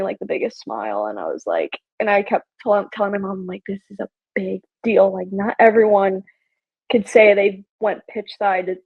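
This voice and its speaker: A woman's voice: medium pitch, muffled recording. A young woman from Chicago, a podcast guest, talking eagerly and filling her speech with ums and likes. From Chicago, USA. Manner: excitable, lots of fillers and restarts. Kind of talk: casual interview chat.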